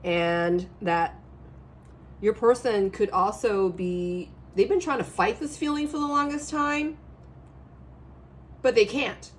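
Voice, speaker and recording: A woman reading tarot cards in a rambling, animated way, her voice a little hoarse, often checking in with the listener. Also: medium pitch, slow pace, pauses often, a little hiss or hum. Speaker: tarot reader. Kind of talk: casual spiritual reading to camera.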